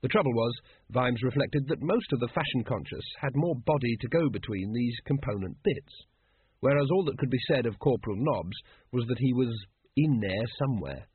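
A man reads an audiobook in a dry, measured storytelling manner. His voice is strongly husky. The sound is dry and narrow, like a phone line. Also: medium pitch, animated, no echo. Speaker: narrator. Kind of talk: audiobook narration.

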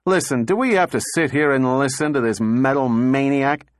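A man voicing a hot-tempered male space engineer with gruff, loud outbursts. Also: medium pitch, normal speed, no room sound, clean studio sound, voice pushed up, natural voice. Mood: angry.

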